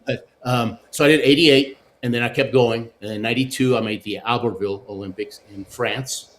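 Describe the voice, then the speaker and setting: Middle-aged male interview guest, animated raconteur who keeps asking "right?". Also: medium pitch, fairly quick. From Argentina and the United States. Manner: animated storyteller, many restarts and "right?" tags. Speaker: guest, former Olympic luge athlete. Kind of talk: casual storytelling interview.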